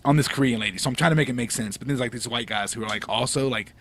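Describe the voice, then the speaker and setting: A man co-hosting a laid-back podcast, thinking aloud as he talks. He rambles with plenty of ums and likes. He grows animated as he builds his point. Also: medium pitch, fast. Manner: rambling, animated, many fillers and restarts. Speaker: podcast co-host. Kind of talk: casual chat.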